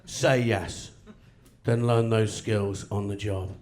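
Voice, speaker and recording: A man doing a stand-up comedy routine on a club stage, with a sardonic, deadpan delivery and crude jokes. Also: lowish voice, slow. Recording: noisy live club recording. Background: audience laughter.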